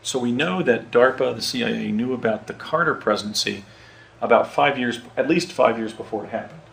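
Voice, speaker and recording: A middle-aged man tells his own story in a casual, halting way. He stumbles and repeats words as he remembers, and his voice sits at an ordinary pitch. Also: gravelly, fairly bright tone, low-quality recording. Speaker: eyewitness telling his story.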